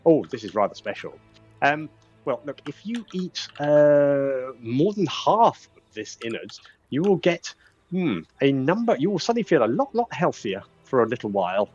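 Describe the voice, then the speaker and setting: A fussy, genteel old fairy knight who gushes in breathless bursts, as a man puts him on. His voice jumps up high and drops down again. The sound is dull and lo-fi. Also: sing-song, moderate pace, a little mellow, husky, faint music behind. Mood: delighted.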